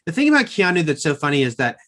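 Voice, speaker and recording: Californian guy cohosting a movie podcast, kinda high voice, keeps restarting his sentences. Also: sing-song, very fast, sharp tone. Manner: hedging, self-correcting, laughs often. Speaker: podcast co-host. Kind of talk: casual movie chat.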